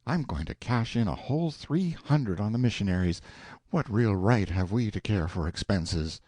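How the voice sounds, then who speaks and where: A man's voice: lowish voice, animated, moderate pace, a little mellow, dry recording. Eager, folksy husband, impatient, swooping delivery; male narrator playing him. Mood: excited. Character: eager, excitable middle-aged husband. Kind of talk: audiobook character voice.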